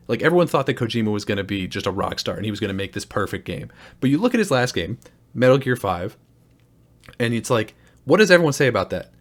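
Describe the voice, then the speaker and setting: Sarcastic young man ranting about games. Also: mid-range voice. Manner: sarcastic, profane, exasperated. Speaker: gaming video host. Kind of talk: ranting game review.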